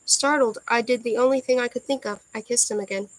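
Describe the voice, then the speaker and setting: A woman reading a first-person novel aloud in a soft, earnest storytelling manner. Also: fairly high pitch, steady tone, brisk, hardly any pauses, dry recording, poor audio. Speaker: audiobook reader.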